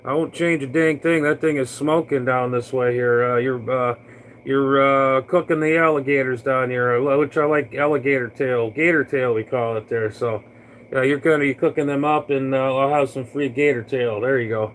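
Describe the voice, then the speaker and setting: A man's voice: medium pitch, fairly even intonation, moderate pace, a little hiss or hum, low-quality recording. A man, a CB radio operator from Florida, chatting casually on air in a folksy, rambling way with lots of fillers.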